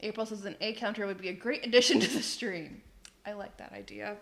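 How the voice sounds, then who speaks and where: A woman's voice: mid-range voice, steady tone, fairly quick, gravelly, echoey room. A young woman, chatting casually and giggling as she hosts a cooking livestream from her home kitchen. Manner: chatty and giggly, says "like" a lot. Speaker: livestream host. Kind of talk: casual chat while cooking, reading chat aloud.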